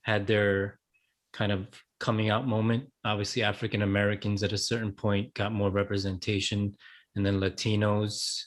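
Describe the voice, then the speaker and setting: Earnest, fairly low-voiced male host. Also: little pitch movement, moderate pace. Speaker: interview host. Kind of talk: casual interview chat.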